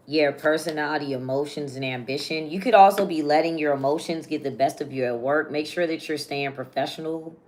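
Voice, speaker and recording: A young woman doing a casual, chatty live tarot reading, slangy and quick to laugh. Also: low voice, darkish tone. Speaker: tarot reader.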